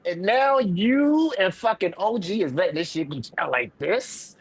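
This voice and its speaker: A man hosting a live online panel, telling a rambling, profane story with big swings between loud and quiet, a little drunk. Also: sits high, expressive, a little slow, dry recording, low-quality recording. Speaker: live show panel host.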